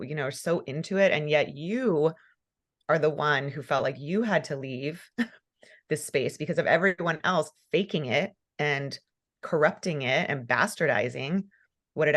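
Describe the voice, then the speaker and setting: A woman's voice: low voice, a little slow. A woman hosting a podcast interview, talking in an emotional, fervent way and laughing often. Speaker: podcast host. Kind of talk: casual conversational interview.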